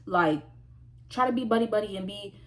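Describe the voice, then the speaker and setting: A woman vlogger telling a story in a casual, animated way, full of slang and emphatic repeats. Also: mid-range voice, moderate pace.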